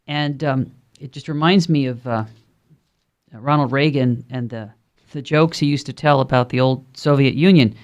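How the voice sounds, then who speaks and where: A man's voice: medium pitch, moderate pace. A man with a Brooklyn accent hosting a call-in radio talk show, speaking in a conversational, rambling way with frequent ums and uhs. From Brooklyn, New York.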